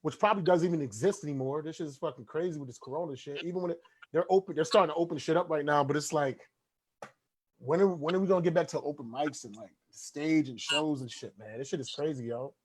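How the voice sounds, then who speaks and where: Fast-talking man, profane podcast chat. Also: on the high side, husky. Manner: fast, profane, animated storytelling. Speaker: podcast host.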